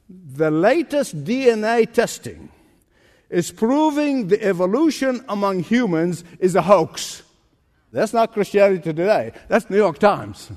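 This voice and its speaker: A male pastor preaching with a high-pitched voice. He punches key phrases slowly and lets his pitch swing widely. His voice carries a long reverb from a large hall. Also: a little mellow. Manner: emphatic preaching with dramatic pitch swings and slow stressed phrases. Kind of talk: sermon.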